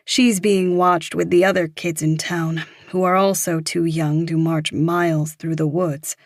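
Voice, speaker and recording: A woman narrating a thriller audiobook in a measured, even storytelling manner. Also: on the low side, dry recording, clean studio sound.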